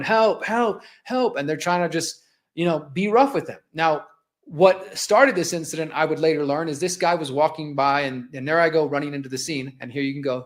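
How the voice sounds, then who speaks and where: Fired-up 40s guy hosting a live show, kinda high voice, talking through clips casually. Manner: impassioned, conversational, narrating video clips. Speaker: host. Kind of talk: personal storytelling on a live show.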